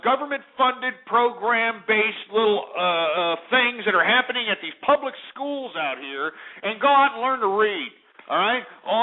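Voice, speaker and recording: A male talk radio host delivering an abrasive, scornful rant full of restarts. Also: high voice. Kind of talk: ranting talk radio monologue. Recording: narrow phone-like radio audio.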